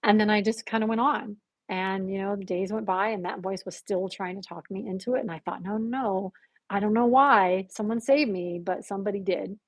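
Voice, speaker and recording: A woman guest on a podcast telling a personal story in conversation, animated and acting out the voices she quotes with gasps. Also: mid-range voice, moderate pace, no echo.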